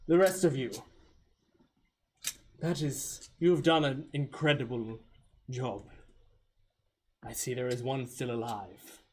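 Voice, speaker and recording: A man voicing a grandiose, eccentric older gentleman who speaks formally and theatrically. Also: mid-range voice, fairly even intonation, slow, pauses often, a little hiss or hum, close to an everyday voice. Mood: grand. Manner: theatrical, pompous, formal speech.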